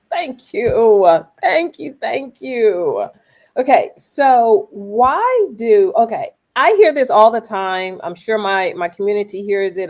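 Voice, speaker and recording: A woman hosting a podcast interview, eager and affirming, who asks open questions and answers her guest with quick yeses. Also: medium pitch, a little mellow. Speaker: podcast host. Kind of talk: casual interview conversation.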